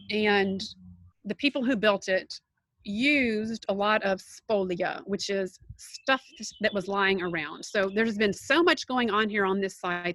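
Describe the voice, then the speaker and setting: A woman's voice: medium pitch, fairly bright tone, dry recording. A woman teaching art history and food, giving a conversational online slideshow lecture with frequent ums and restarts.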